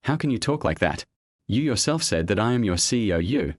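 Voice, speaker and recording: A man's voice: lowish voice, sing-song, brisk, no echo, clean studio sound. A man voicing a cold, fierce woman boss. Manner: cold, threatening delivery. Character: fierce young woman CEO, cold and sharp-tongued.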